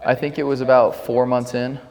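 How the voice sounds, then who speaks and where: A man's voice: medium pitch, flat delivery, brisk, a little mellow, big-room sound. A young man telling a story in casual podcast chat, full of fillers like "like", rambling. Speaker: podcast co-host, solar sales rep.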